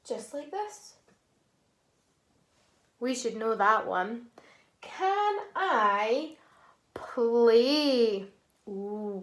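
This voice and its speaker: A woman teacher with a high, light voice takes a children's phonics lesson at a very slow, deliberate pace. She sounds encouraging and leaves pauses for the little ones to repeat after her. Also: a bit bright.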